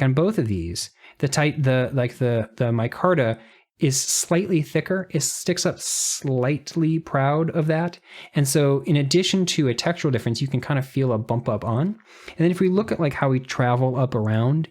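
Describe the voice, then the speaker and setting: A man's voice: mid-range voice, a little mellow. A man giving a casual, detail-focused knife review, talking through what he shows with frequent restarts and fillers. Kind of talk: casual show-and-tell review.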